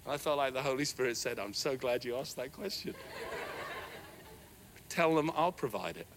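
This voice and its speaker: A middle-aged pastor with a New Zealand accent preaches a sermon in a church hall, telling a personal story in an animated, self-deprecating way. His voice is medium-pitched at a normal speed, broken by long pauses.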